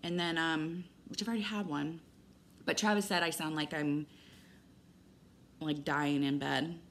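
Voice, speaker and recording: A middle-aged woman talks straight to her audience in a loose, rambling personal update. Her voice sits a little low, and she slips into lively retellings of conversations as she goes. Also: measured pace, a little hiss or hum. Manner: rambling, candid, animated retelling with quoted dialogue. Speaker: vlogger.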